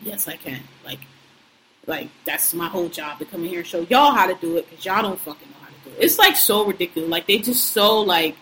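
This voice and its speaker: A woman's voice: on the low side, expressive, quick pace, fairly bright tone, low-quality recording. Podcast co-host, woman in her thirties, AAVE, blunt and profane, venting in casual chat, faint hiss behind.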